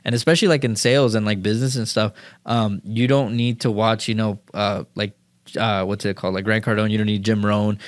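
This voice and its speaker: A man talking as a podcast guest in a rambling, slangy way, full of "like" and "dude", telling animated stories. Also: lowish voice, brisk, no room sound, clean studio sound. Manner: animated storytelling. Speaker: podcast guest, marketing and sales speaker. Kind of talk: casual podcast conversation.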